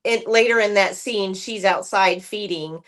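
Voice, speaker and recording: A woman's voice: mid-range voice, measured pace. A woman co-hosting a casual recap chat, retelling scenes with lots of "like" and "um" and acting out characters' lines. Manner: animated retelling, acts out characters' lines, many ums and likes. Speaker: podcast co-host.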